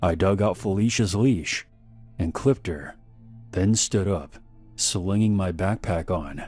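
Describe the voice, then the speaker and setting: A man narrating a scripted horror story in a measured, deliberate way. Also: low-pitched, darkish tone, soft background music.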